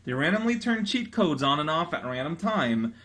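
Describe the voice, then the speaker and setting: Rambling, playful young man, slightly high voice. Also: very animated, normal speed, a bit bright. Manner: rambling and playful, with stammered restarts. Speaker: let's player. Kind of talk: casual gaming commentary reading chat. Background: faint game music.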